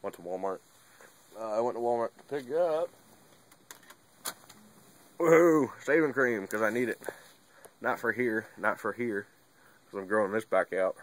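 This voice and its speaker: A man's voice: fairly low pitch, fairly even intonation, normal speed, pauses often, a bit bright. A young man talking casually to his camera, rambling and laid-back, with lots of fillers and the odd curse word. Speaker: vlogger. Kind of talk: casual monologue.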